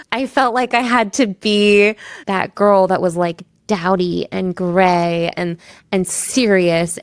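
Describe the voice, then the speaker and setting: A woman's voice: fairly low pitch, steady tone, normal speed, smooth, no echo, studio quality. A woman from Canada in her thirties, a lawyer and podcast guest, telling personal stories in candid, emotional casual chat, full of "like". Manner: candid, emotional storytelling with frequent "like".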